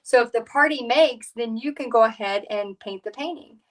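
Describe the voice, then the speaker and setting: A woman's voice: a little high, normal speed, recorded from a distance, poor audio. Chatty woman painting instructor. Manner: chatty, rambling, warm storytelling with fillers. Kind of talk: live painting tutorial chat.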